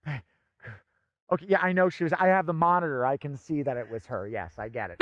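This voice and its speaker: A man performing a comic fire act, talking theatrically and bossily and now and then bursting into shouts. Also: a little high, fairly quick, dry recording. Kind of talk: comic stage patter.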